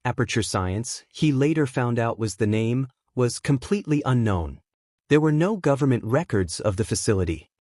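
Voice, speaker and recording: A man reading a fan fiction story aloud in a steady storytelling manner. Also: medium pitch, normal speed, no room sound, studio quality. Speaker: story reader.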